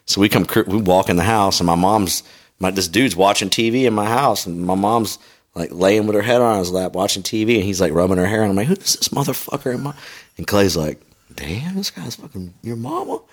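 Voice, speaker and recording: A middle-aged man with a low voice and brisk delivery co-hosts a podcast built around casual, comedic beer tasting. He swears freely, tells funny stories, and laughs a lot.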